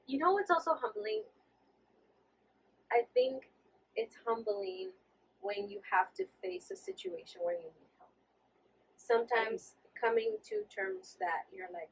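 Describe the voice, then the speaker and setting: A young woman co-hosting a podcast, telling a story in an animated, laughing way and slipping into Spanish. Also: extremely high pitch, a little slow, vocal fry, long pauses, recorded from a distance, low-quality recording. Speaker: podcast co-host. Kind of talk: casual storytelling chat.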